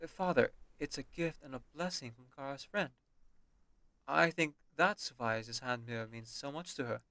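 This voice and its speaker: A man reading game dialogue aloud, voicing a gentle young nobleman who pleads softly with his father. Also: medium pitch, moderate pace, no room sound. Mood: placating.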